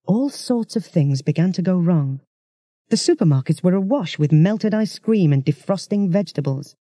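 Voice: mid-range voice, lively intonation, moderate pace, warm tone, dry recording, clean studio sound. An audiobook narrator reading a children's story in a chatty first-person voice.

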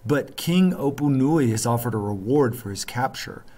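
A man's voice: medium pitch, expressive, normal speed, warm tone, voice pushed up, lightly acted. A man reading aloud, voicing an eager, bold young island boy from a storybook with a raised, keen voice.

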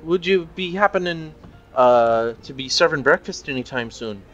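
A man's voice: a little high, lively intonation, normal speed, fairly bright tone, highs cut off, faint music behind. A man voicing a wry Irish drifter in an Old West town, with a put-on Irish accent.

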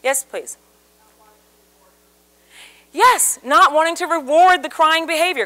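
With an extremely high pitch, a woman speaks slowly and leaves long pauses during a live seminar talk. She is a communication speaker who tells a story animatedly, voicing the characters she quotes.

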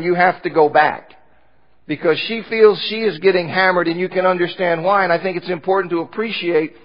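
Male Bible teacher, high-pitched, patient and explanatory, muffled lo-fi sound. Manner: explanatory, reads scripture aloud, frequent restarts. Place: church.

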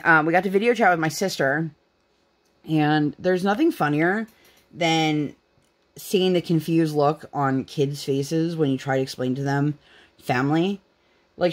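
Young woman host, chatty and rambling, casual crafting chat at home. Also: deep voice. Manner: chatty and rambling, many "like" fillers.

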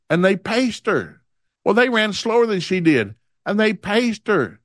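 A middle-aged man preaching a sermon, telling stories from his life and reading Bible verses slowly and with emphasis. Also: high voice, dry recording, clean studio sound. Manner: storytelling, animated when acting out anecdotes.

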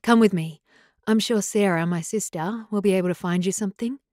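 A woman's voice: medium pitch, brisk, darkish tone, no echo, clean studio sound, natural voice. A woman voicing a stern, curt young male werewolf alpha in an audiobook. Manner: curt, disapproving. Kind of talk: audiobook character voice.

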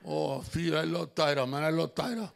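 Pastor doing an impression of a fond, repetitive old preacher with a gravelly edge and choppy English. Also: male voice, fairly high pitch, normal speed. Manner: broken English, repeats himself fondly. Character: excitable older male evangelist friend, impression.

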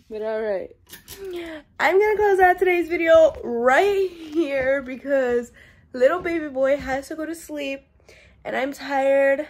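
A young woman with a high voice chats casually to her vlog viewers. She talks unhurriedly and slips into cooing baby talk. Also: a little slow. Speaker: vlogger.

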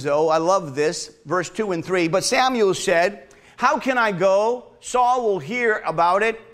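A man's voice: sits high, fairly bright tone. A male pastor preaching a sermon in a church, talking conversationally and calling on the congregation to answer back. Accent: regional accent. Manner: conversational preaching with call-and-response. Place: church sanctuary.

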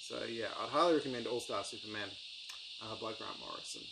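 A man talking casually about books from his shelf on his channel, rambling and enthusiastic with many pauses and ums. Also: on the low side, vocal fry, noisy background. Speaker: book-collecting YouTuber. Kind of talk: casual book review vlog.

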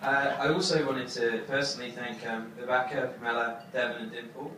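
A young man giving his wedding toast as the groom, halting with many fillers and fighting back tears. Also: medium pitch, little pitch movement. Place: wedding reception hall. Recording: echoey hall from far off, crowd noise.

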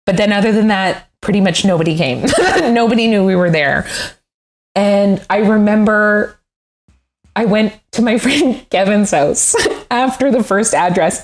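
A woman's voice: mid-range voice, normal speed. A middle-aged woman, a furniture designer, chatting candidly in an interview, self-deprecating and often laughing. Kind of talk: casual interview chat.

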